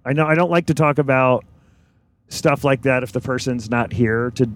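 A man hosting a podcast, chatting casually and jokily with a guest and firing off quick questions. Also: medium pitch, a little hiss or hum. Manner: chatty, jokey, asks lots of quick questions. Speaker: podcast host. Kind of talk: casual interview chat.

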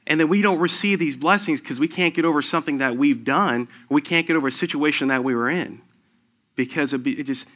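A man's voice: medium pitch, fairly bright tone. A man in his thirties giving an earnest sermon, telling a personal testimony with rising emphasis. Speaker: lay preacher sharing testimony.

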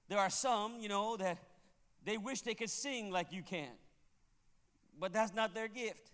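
A man preaching a sermon as pastor, speaking emphatically and rising to loud exclamations. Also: sits high, unhurried, long pauses. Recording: long hall reverb.

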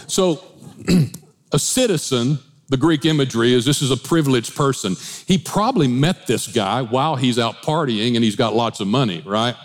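A man preaching as a pastor, animated, with changing pace, asides and humor. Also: medium pitch, unhurried. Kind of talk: sermon.

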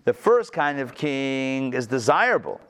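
A man teaching a Torah text-study class in a conversational way, asking the class rhetorical questions and swinging his pitch for emphasis. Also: big pitch swings, unhurried, a bit bright, smooth.

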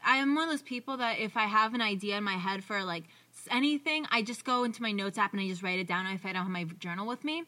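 A woman's voice: medium pitch, animated, quick pace, hardly any pauses, bright, forceful tone. A young woman co-hosting a podcast, chatting casually and rambling with lots of fillers. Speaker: podcast co-host. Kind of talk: casual chat.

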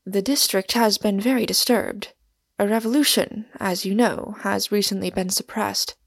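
A measured, argumentative Russian gentleman, read by a woman narrating a story. The voice is middle-pitched with some gravel in it, recorded dry and close. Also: steady tone, no echo. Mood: reasoning. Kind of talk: audiobook character reading.

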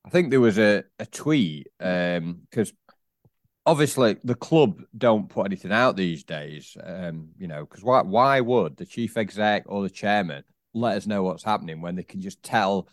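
A man's voice: deep voice, lively intonation, normal speed, no room sound, clean studio sound. A man co-hosting a casual football podcast, stumbling over his words and repeating himself, with bursts of teasing. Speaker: podcast co-host.

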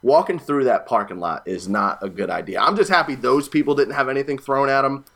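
A young man from the Philadelphia area, co-hosting a casual podcast chat, ranting in an animated, exasperated way. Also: mid-range voice, fairly quick.

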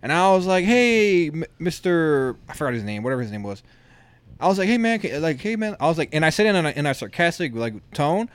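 A young man with a high voice spins school stories at a fast clip. He talks slangy and loose among friends and acts out the people he quotes. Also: lively intonation, fairly bright tone, no echo. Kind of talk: casual chat among friends.

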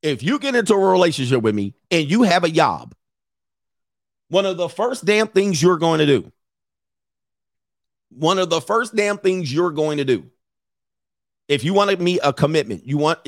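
A man delivers opinionated commentary in a bluntly lecturing manner. He often repeats phrases to drive them home. His voice sits a little high, and the sound is dry and close. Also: animated, normal speed, pauses often, no echo. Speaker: commentator host.

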